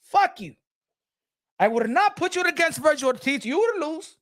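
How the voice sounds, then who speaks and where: A man's voice: very high voice, animated, moderate pace, a bit bright, no echo, clean studio sound. A man, ranting as a profane, mocking boxing commentator.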